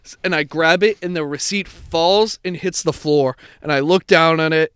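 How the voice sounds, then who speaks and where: Clean studio audio with no room sound captures a young podcast co-host's slightly high, somewhat bright, clear and resonant voice at a moderate pace. Chatting casually, he tells a long story, cursing and acting out its characters.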